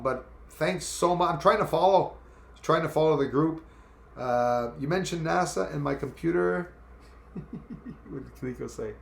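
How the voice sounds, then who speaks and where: A Canadian man hosting a live stream, chatting casually in a rambling, animated way and reading out viewer comments. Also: a little high, creaky, roomy sound. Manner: animated, rambling, talks back to chat.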